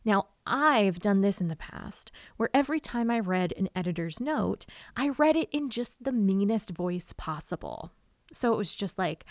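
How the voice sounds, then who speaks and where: Chatty, animated woman with a dry sound. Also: medium pitch, moderate pace, dry recording. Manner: expressive, chatty, swings into acted quotes. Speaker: writer and vlogger. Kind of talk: casual advice talk to camera.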